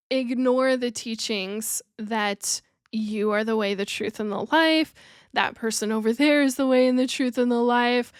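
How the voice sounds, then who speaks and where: A woman hosts a spiritual podcast, speaking earnestly with a somewhat high voice. She slips in playful, laughing asides between her points. The sound is dry and close, with no room echo. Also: a little slow, smooth. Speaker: podcast host. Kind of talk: spiritual teaching monologue.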